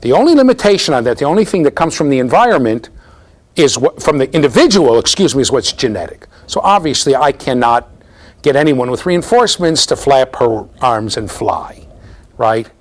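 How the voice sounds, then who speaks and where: A middle-aged man giving a university lecture, animated and storytelling, often checking in with the class. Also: medium pitch, normal speed. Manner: animated storytelling, mimics voices, asks the class "right?". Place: lecture hall.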